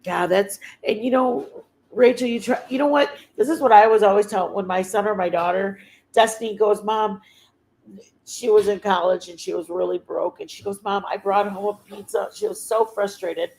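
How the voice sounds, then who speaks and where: A woman's voice: medium pitch, fairly quick, darkish tone, rough recording. A middle-aged woman hosting a livestream in casual chat, rambling earnestly and often stopping to search for the right words. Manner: earnest and heartfelt. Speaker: livestream host.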